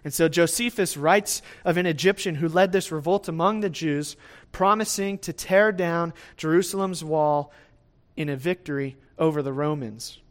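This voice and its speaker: A man preaching a sermon in a conversational way, often checking in with his listeners. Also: a little high. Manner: lively swings in loudness, speeds up and slows down. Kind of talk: sermon, verse-by-verse teaching.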